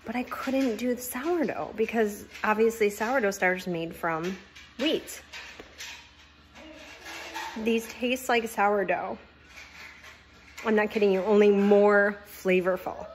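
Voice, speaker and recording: A woman's voice: mid-range voice, a little hiss or hum. Gushing woman cooking vlogger. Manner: chatty and gushing, with many fillers. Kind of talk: casual kitchen vlog.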